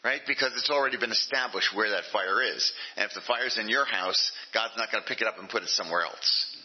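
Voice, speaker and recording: Husky older man lecturing a class. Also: lowish voice, fast talker, dull audio. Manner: conversational, checks in with the class often. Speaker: rabbi teaching a class. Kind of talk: informal adult education lecture. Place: meeting room with a class.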